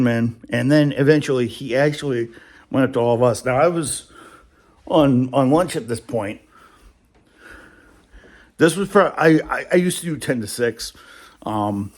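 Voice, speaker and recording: A man's voice: mid-range voice, moderate pace, long pauses. Chatty rambling male vlogger. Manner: chatty, rambling, laughs often. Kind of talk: casual storytelling vlog.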